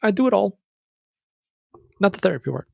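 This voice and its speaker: A young man hosting a podcast, giving a casual, earnest motivational talk that addresses the listener as brother and jumps up in pitch when he stresses a point. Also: sing-song, fairly quick, vocal fry, warm tone, no room sound, studio quality. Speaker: podcast host. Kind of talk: motivational monologue.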